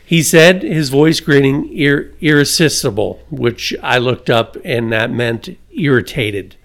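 A man's voice: medium pitch, unhurried, vocal fry, hardly any pauses. A man hosting a podcast, reading a story aloud with his own asides and chuckles. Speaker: podcast host.

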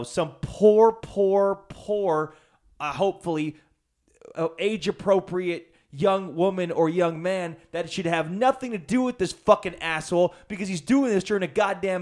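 A man in casual chat, telling a rambling story full of swearing and restarts. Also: high-pitched. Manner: rambling, profane ranting storyteller.

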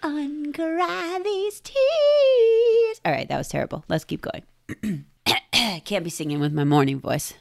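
A woman's voice: sits low, normal speed, vocal fry. A woman co-hosting a podcast in casual chat, playful and teasing. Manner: playful, teasing, laughs often. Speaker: podcast co-host. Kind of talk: casual chat about comics.

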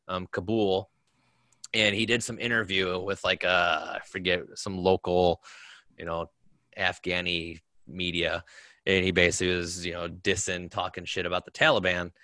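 A low-voiced man with a bright, forward tone recounts his deployments in easy, rambling conversation, padding his stories with fillers. The sound is dry and close. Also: little pitch movement, normal speed, no echo. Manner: storytelling with many fillers. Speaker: veteran guest. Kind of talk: casual conversation.

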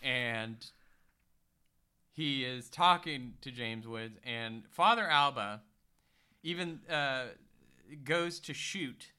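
A man's voice: medium pitch, slow pace, pauses often, pushed and bright, clean tone. A man co-hosting a podcast, recapping a bad movie in a profane, exasperated rant full of put-on quotes. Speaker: podcast co-host. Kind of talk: casual movie-recap chat.

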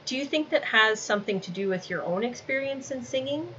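A woman's voice: fairly high pitch, lively intonation, fairly quick, bright, forceful tone. A woman hosting a casual interview, asking thoughtful questions in an encouraging way. Her audio sounds a little dull and muffled, with faint noise underneath.

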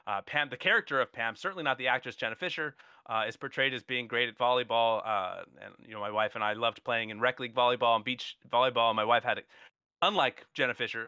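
A man's voice: medium pitch, steady tone, a little fast, pushed and bright, clean tone, dry recording, studio quality. A man co-hosting a podcast, chatting casually and rambling with plenty of fillers as he reflects. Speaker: podcast co-host. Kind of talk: casual chat.

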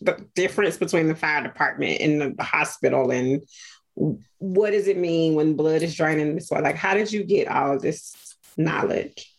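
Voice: mid-range voice, normal speed. An interviewer asking curious, probing questions in a casual conversation.

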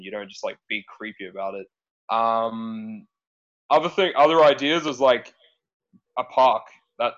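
Here a laid-back Australian guest, a dating profile coach, chats on a podcast, full of fillers, hedges and swearing. His mid-range voice has a fairly bright tone, and the recording sounds dull and lo-fi.

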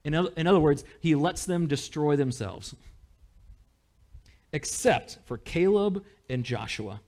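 A man preaching a sermon as pastor, in a conversational, animated way. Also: on the high side, unhurried. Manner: conversational, animated, with small laughs.

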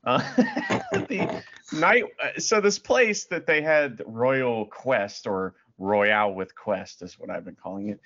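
A man's voice: medium pitch, takes it slowly, a bit bright, highs cut off. A man co-hosting a podcast, chatting casually and joking profanely as he reads facts aloud with sarcastic asides. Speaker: podcast co-host. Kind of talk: casual chat.

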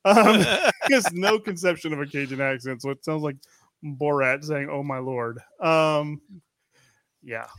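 A man's voice: a little high, unhurried, a bit bright, no room sound. A man co-hosting a podcast, telling rambling stories in casual chat and laughing often. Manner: rambling, laughing storyteller with restarts. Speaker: podcast co-host.

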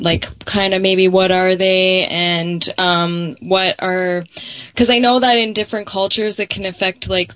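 A woman's voice: mid-range voice, a bit bright, dry recording. A woman co-host asking a question hesitantly, with many fillers. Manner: hesitant, lots of likes and ums.

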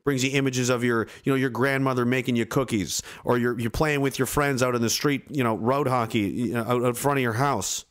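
A man's voice: medium pitch, steady tone, fairly quick, few pauses, a bit bright. A man in his thirties from Canada, a veteran streamer giving blunt, profane, heated commentary to his live chat. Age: 30s.

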